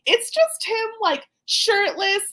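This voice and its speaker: A high-voiced woman hosts a podcast in a loose, chatty way. She talks with lively energy and breaks into laughter often. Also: slow. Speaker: podcast host. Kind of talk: casual recap chat.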